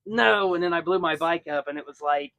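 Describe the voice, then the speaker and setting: A man's voice: on the high side, flat delivery, fast talker, a bit bright, no room sound. A young man hosting a podcast, chatting casually in a rambling way with many restarts and fillers. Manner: rambling, lots of restarts and fillers, storytelling with quoted voices. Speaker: podcast host. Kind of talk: casual chat.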